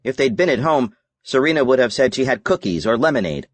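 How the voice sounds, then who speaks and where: A man narrating a novel as an audiobook in a measured, even reading. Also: medium pitch, no room sound. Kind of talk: scripted narration.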